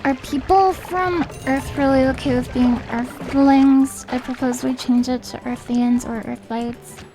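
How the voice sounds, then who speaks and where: A woman's voice: sits high, steady tone, measured pace. Chatty woman streamer over game music. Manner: chatty, musing, trails off into mumbles. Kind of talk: casual live-stream commentary.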